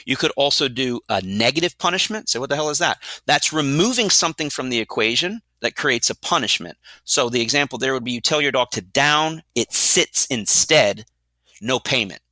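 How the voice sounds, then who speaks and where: A middle-aged man who trains dogs explains his methods in an energetic, blunt way and often poses rhetorical questions. His voice is keen and very bright at a medium pitch. The sound is dry and close. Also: normal speed, no room sound. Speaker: dog trainer, guest. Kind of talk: explanatory interview talk.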